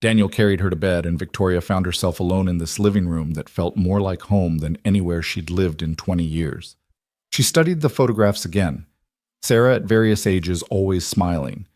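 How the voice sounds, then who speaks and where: A man reading a scripted story in an even, measured narration. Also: low voice, no room sound, clean studio sound.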